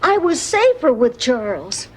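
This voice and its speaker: A woman's voice: sits high, very animated, unhurried, slightly rough, heavily acted. A woman playing a sweet, guileless sitcom character who speaks with earnest innocence. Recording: hissy TV sitcom clip.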